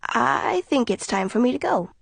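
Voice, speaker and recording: A woman voicing a reserved woman who speaks briskly and curtly. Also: on the high side, sing-song, gravelly, breathy edge, dry recording, exaggerated voice.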